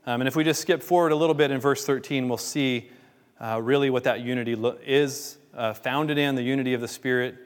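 A man's voice: medium pitch, steady tone, a little fast. A man preaching a sermon as pastor, earnest and pleading, often restarting and repeating words. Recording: long hall reverb.

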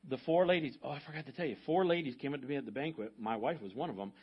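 A male pastor telling a story in a sermon, in a conversational way that moves between hushed and loud. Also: mid-range voice, racing, husky, dull audio. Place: church sanctuary.

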